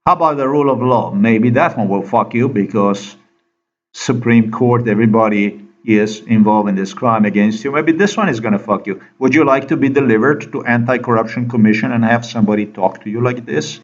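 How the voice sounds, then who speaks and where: A man's voice: on the low side, lo-fi sound. A man delivering a rambling, agitated monologue, firing questions at the listener and repeating himself. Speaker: vlogger.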